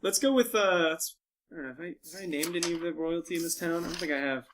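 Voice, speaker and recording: High-voiced young man running a tabletop game. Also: quick pace, fairly bright tone, a little hiss or hum. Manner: rambling, self-correcting with fillers. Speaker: game master.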